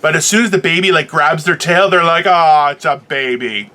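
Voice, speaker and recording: A man's voice: a little high, moderate pace. A man co-hosting an unscripted chat show, ranting and joking with lots of swearing and playful quoted voices. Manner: profane, joking, animated rant; puts on silly voices when quoting people. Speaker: co-host.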